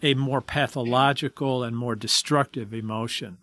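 A man reading scripture verses aloud and then explaining them in a measured, deliberate way. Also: mid-range voice, fairly even intonation, bright, forceful tone, no room sound.

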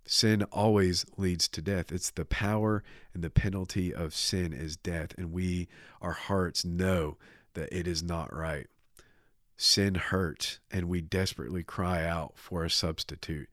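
A man's voice: sits low, unhurried, dry recording, studio quality. A man preaching a sermon, retelling a scripture story casually and acting out the characters' lines. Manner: animated retelling with voiced quotes, casual fillers. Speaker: pastor.

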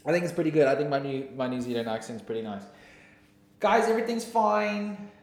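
A man's voice: medium pitch, lively intonation, fairly quick, a little mellow, roomy sound. A young man hosting his own podcast alone, rambling in a goofy, casual way and sometimes slipping into silly voices. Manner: goofy, jumps between silly voices and mumbling. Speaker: podcast host.

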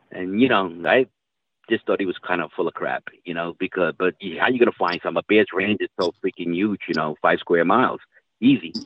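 A middle-aged man with a lowish voice tells hunting yarns in a loose, folksy ramble and swears offhand. The sound is dry and tinny, as if it came through a phone line. He circles back, restarts and piles on detail. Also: no room sound. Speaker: guest hunter telling stories. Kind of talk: casual storytelling.

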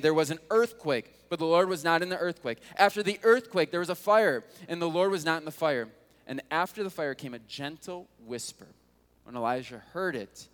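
A man preaching to his congregation, with a slightly higher voice than most men. He reads scripture and tells the story in a relaxed, conversational way, often asking his listeners questions. His voice rings out with a long reverb, as if filling a large church hall. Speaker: pastor. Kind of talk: sermon.

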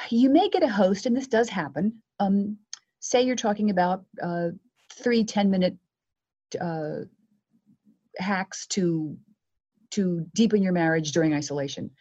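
A woman speaking as a guest media coach in a podcast interview, lively and acting out quoted exchanges. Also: medium pitch, measured pace, long pauses, slightly rough, lo-fi sound.

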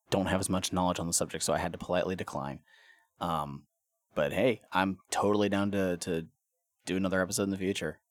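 A man's voice: deep voice, no echo, clean studio sound. A man hosting a podcast, ranting casually and profanely with frequent stammered restarts. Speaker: podcast host.

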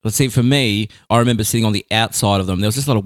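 A man's voice: mid-range voice, fast, dry recording, studio quality. A man, a radio presenter reminiscing in casual conversation, acting out quotes and laughing often. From Australia. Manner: animated storyteller, acts out quotes, laughs often.

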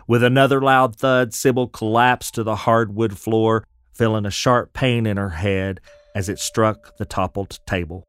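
A man's voice: fairly low pitch, fairly even intonation, unhurried, clean tone, dry recording. A man narrating a scripted audio drama in a folksy storytelling manner.

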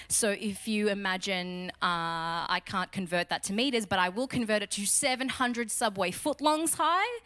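Animated young woman preaching a sermon. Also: a little high, no echo. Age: young adult. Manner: animated, jokey storytelling with sudden loud acted lines. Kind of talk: lively sermon.

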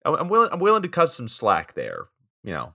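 A man's voice: fairly high pitch, wildly swooping pitch, a little fast, creaky, bright, forceful tone. A young man co-hosting a podcast, recapping a movie's plot in a laid-back way with fillers and side comments.

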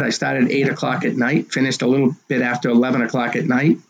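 Man, 60s, gravelly mid-pitched voice. Animated interview storyteller who acts out dialogue. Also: poor audio. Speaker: race director telling his story.

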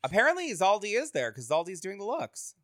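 A man co-hosting a podcast in casual chat, telling playful stories with animated energy. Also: sits high, fairly quick, dry recording, studio quality. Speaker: podcast co-host. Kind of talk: casual chat, reality TV recap.

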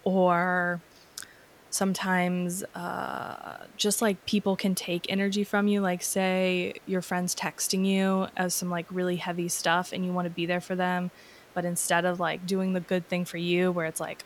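A woman's voice: on the low side, little pitch movement, measured pace, slight background noise. A woman talking casually as an interview guest, chatty and full of filler words, laughing often. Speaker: energy healer guest.

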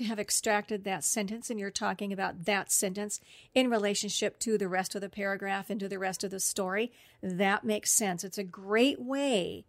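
A middle-aged woman talks through therapy techniques on a podcast, upbeat and walking through them point by point. Her voice sits at an ordinary middle pitch. The sound is dry and close, with no room around it. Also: no echo. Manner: explanatory, upbeat, lists steps. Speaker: speech-language therapist guest. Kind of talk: instructional podcast talk.

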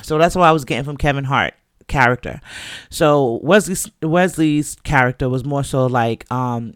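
A man's voice: medium pitch, normal speed, fairly bright tone, clear, resonant tone, no echo, clean studio sound. A man giving a casual, profane recap of a TV show and acting out the characters' lines as he goes. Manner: loose, profane storytelling that acts out characters' lines.

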